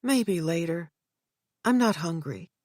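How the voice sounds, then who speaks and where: A woman's voice: lowish voice, lively intonation, slow, darkish tone, no echo, clean studio sound. A woman voicing a sleepy, guarded teenage girl in an audiobook, with short, terse replies. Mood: drowsy, guarded.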